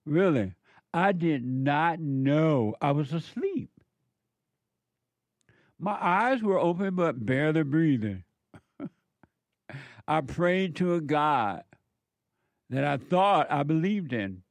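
Slow, preachy male radio host. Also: on the high side, big pitch swings, no echo. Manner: slow, preachy, repetitive emphasis. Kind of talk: spiritual call-in radio talk.

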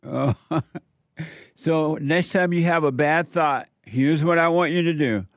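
High-ish voiced guy hosting a call-in show, slow and emphatic, says things twice, dry close mic. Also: no echo. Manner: slow, emphatic, repeats his points. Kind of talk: advice talk with a caller.

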